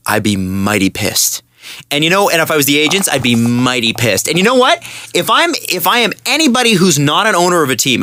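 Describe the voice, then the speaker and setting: A man co-hosting a podcast, making animated, argumentative points in casual chat. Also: on the high side, no room sound, clean studio sound. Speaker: podcast co-host.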